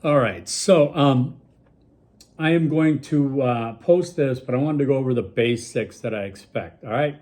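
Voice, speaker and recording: A man's voice: medium pitch, unhurried, darkish tone. Rambling casual man giving a lecture. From Milwaukee. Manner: casual, rambling, lots of fillers and check-ins. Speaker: college instructor. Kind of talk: recorded video lecture.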